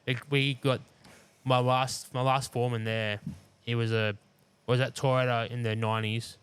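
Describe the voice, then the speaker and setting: A man's voice: mid-range voice, flat delivery, moderate pace, fairly bright tone, smooth. A man co-hosting a casual podcast, ranting about old workplace frustrations with lots of swearing and acted-out quotes. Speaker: podcast co-host. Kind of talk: casual chat.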